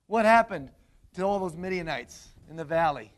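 A man preaching a sermon to a congregation, animated and quizzing his listeners with questions. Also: high-pitched, moderate pace, a little hiss or hum. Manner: animated, asks the audience questions.

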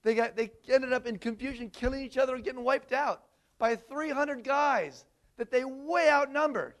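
A man delivers an energetic sermon, his voice pitched notably high for a man. He tosses questions out to his listeners and drives his points home with emphasis. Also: normal speed. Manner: animated, asks the audience questions. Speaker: preacher. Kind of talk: sermon to a congregation.

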